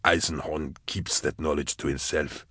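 A man voicing a battered male prisoner who speaks hoarsely and weakly through his injuries. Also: a bass voice, little pitch movement, moderate pace, bright, forceful tone, no echo, studio quality, exaggerated voice. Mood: pained. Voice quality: hoarse, throaty.

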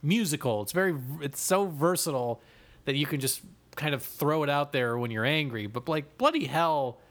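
A man's voice: on the high side, moderate pace. A man with a nasal Midwestern accent co-hosting a podcast in casual, swearing banter. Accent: American Midwestern. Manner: animated, swearing, laughing. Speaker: podcast co-host.

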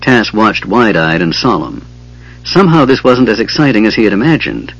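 Low husky male audiobook narrator. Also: animated, normal speed, highs cut off. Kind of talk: scripted fantasy narration.

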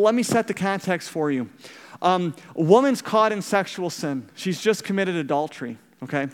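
A man's voice: high-pitched, smooth, in a large hall. A man preaching a sermon, telling a story and asking the congregation questions. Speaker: pastor.

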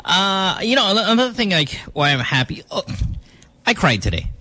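A man chatting on a morning radio show, his pitch swinging widely as he spins a self-mocking story. The sound is dry and close, with no room around it. He talks casually and fills gaps with ums and likes. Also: fairly quick, no room sound. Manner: animated, self-mocking storytelling with many fillers.

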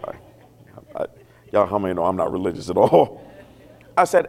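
A man's voice: on the low side, big pitch swings, moderate pace, gravelly, long pauses, darkish tone. A man preaching a sermon, telling a personal story in a conversational, emotional way and asking the congregation questions. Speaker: pastor.

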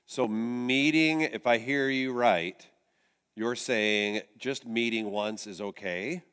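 A man interviewing a guest on stage, asking relaxed questions with some restarts. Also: mid-range voice, takes it slowly, clear, resonant tone. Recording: reverberant hall sound.

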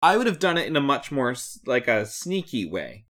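A man's voice: mid-range voice, sing-song, moderate pace, a bit bright. A man co-hosting a casual podcast chat, rambling and laughing often as he explains things. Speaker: podcast co-host.

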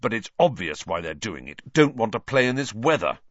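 A man's voice: fairly low pitch, very animated, a little fast, dry recording. A man reading aloud voices an obsessive teenage boy team captain who speaks urgently and insistently. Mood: intense. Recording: dull lo-fi dry recording.

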